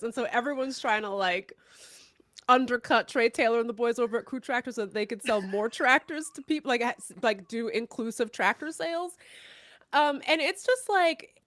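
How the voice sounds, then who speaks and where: A woman co-hosting a podcast who tells stories in animated, casual chat, laughing often and swearing casually. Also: on the high side, moderate pace, no room sound, studio quality. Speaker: podcast co-host.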